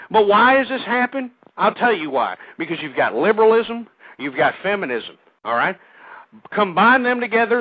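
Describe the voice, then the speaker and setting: A man's voice: high-pitched, no echo. A man hosting a call-in radio show, ranting in a combative, insulting, repetitive way at his listeners and callers. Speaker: radio talk show host. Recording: dry tinny phone-like lo-fi audio.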